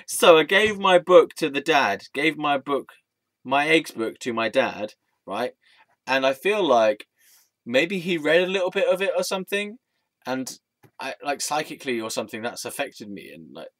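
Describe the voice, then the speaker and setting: A man's voice: mid-range voice, fairly bright tone, no room sound. Young man, vlog monologue, scattered and giggly, swears, loses his thread, dry voice with no room sound. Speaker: vlogger. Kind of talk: rambling stream-of-consciousness monologue.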